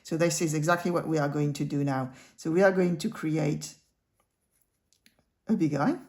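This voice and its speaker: Woman drawing teacher, chatty step-by-step tutorial delivery, slightly low voice. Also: normal speed, a little mellow. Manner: chatty, talks the viewer through each stroke.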